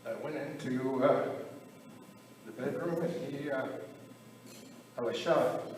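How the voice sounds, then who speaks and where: A man giving a short memorial tribute, speaking hesitantly with many pauses and filler sounds. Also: mid-range voice, a little mellow. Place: memorial gathering in a large hall. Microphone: distant camera. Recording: echoey hall from far off with room noise.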